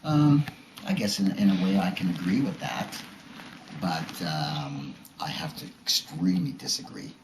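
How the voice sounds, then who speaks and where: A man's voice: low-pitched, a little slow, echoey room, noisy background. A man in his fifties talking casually and rambling, with many fillers, who acts out short quoted lines while he tells a story. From Canada. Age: 50s. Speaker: vlogger.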